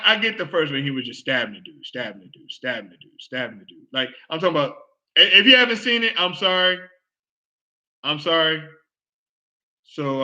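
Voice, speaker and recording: A man's voice: sharp tone, dull audio. A man hosting his own live online show, talking loosely and repeating himself as he rants to viewers. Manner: loose, repetitive, exclaiming, acts out scenes in a falsetto shriek. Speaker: host of a live online sports and culture show. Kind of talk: casual rant to a live audience.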